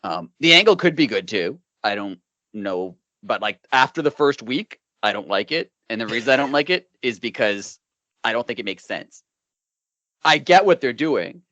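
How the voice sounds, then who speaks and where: A man co-hosting a casual wrestling talk show, animated and sarcastic, mocking others with put-on voices. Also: medium pitch, normal speed, no room sound, dull audio. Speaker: podcast co-host.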